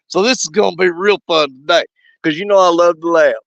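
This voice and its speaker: A middle-aged man hosting a fishing channel, chatting casually while sick with a cough and fever, folksy and quick to laugh. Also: high-pitched, steady tone, vocal fry, no room sound. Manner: folksy, laughs often, drawn-out shoutouts. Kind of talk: casual live chat shoutouts. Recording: dull, dry, lo-fi sound.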